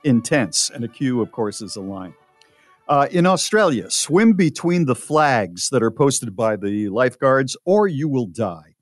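A man's voice: medium pitch, very animated, unhurried, no echo. A radio co-host, a man, talks in a loose, chatty way, reading listener posts aloud and adding his own remarks. The studio sound is dry and close, with a faint music bed underneath. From United States. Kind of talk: casual radio chat.

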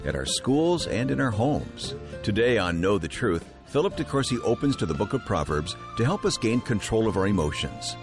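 A man with a low, lively announcer voice introduces a radio program. His delivery is smooth and scripted, and music plays clearly beneath him. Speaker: radio host. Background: music bed.

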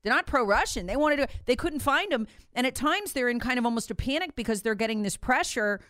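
A woman's voice: a little high, lively intonation, a little fast, fairly bright tone, no echo, clean studio sound. A woman giving emphatic political commentary, repeating her points and acting out what others said. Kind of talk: animated political talk.

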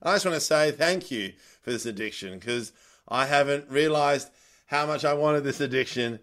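A man's voice: mid-range voice, moderate pace. A man, a comedian, telling a long anecdote in a casual chat, laughing as he goes. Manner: animated anecdote teller, laughs mid-story. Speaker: stand-up comedian. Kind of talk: casual podcast chat, storytelling.

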